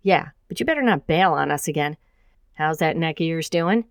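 A woman voicing a bubbly, teasing young female college student who talks fast and excitedly. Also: sits low, no echo, studio quality.

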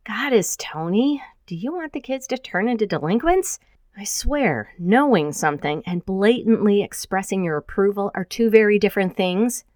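A woman's voice: medium pitch, animated, moderate pace, a little mellow, no echo, studio quality, voice pushed up, close to an everyday voice. A woman voicing a prim middle-aged mother who scolds with mild exasperation. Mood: scolding.

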